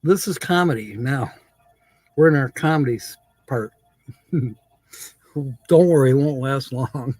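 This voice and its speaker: A man's voice: mid-range voice, slow pace, long pauses, darkish tone, no echo. A man hosting a live stream, chatting casually with viewers, laughing often and reading comments aloud.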